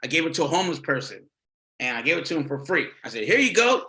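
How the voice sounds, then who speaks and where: Crude laughing comedian with a bright voice. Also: male voice, mid-range voice, racing, low-quality recording. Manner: crude, rambling, swears often, laughs at own jokes. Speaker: stand-up comedian. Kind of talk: stand-up set on a live video call. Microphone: video call.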